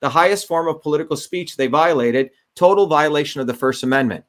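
A man's voice: a little high, fast. A man who is a Senate candidate, talking emphatically in an interview, repeating his points and often restarting his sentences. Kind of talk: interview talk, recounting a story.

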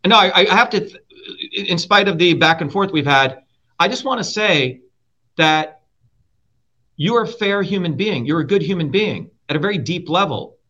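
A man's voice: high-pitched, expressive, normal speed, sharp tone. A man being interviewed as a political candidate, talking in a combative, emphatic way and swearing often. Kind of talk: heated interview talk. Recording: muffled lo-fi sound.

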